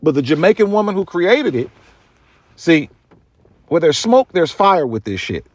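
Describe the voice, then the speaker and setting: A man from the United States hosts his own commentary show, talking bluntly in loose slang. His voice sits slightly high and jumps around a lot in pitch. The sound is dry and close, with no room around it. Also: very animated, a little slow, dry recording. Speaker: show host. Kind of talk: opinion commentary monologue.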